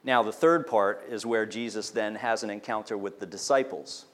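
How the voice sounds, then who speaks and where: A man's voice: lowish voice, moderate pace. A man preaching a sermon as pastor, explaining scripture and asking the congregation questions. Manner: teaching, asks the congregation questions.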